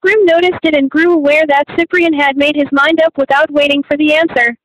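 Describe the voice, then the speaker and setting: A woman's voice: high-pitched, fairly even intonation, brisk, a bit bright, slight background noise, rough recording. A woman reading a novel aloud as an audiobook narrator, in scripted narration.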